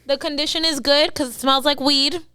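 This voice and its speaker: A woman's voice: sits high, a little fast, no echo. A woman co-hosting a podcast, chatting casually and telling stories animatedly, swearing freely and acting out what people said. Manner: animated storyteller, swears freely, acts out quotes. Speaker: podcast co-host. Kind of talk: casual chat.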